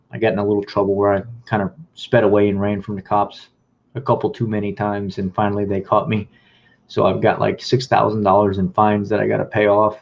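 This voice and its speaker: A man's voice: fairly low pitch, vocal fry. A man casually telling his own life story in a rambling way, acting out the dialogue he remembers. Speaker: vlogger. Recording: dull lo-fi recording.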